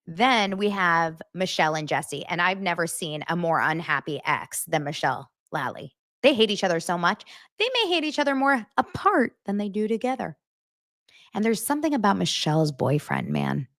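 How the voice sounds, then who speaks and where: A woman hosting a podcast, chatting casually and animatedly about reality TV, often turning to her listeners. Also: mid-range voice. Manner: chatty, animated, talks straight to her audience. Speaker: podcast host. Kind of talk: casual gossip chat.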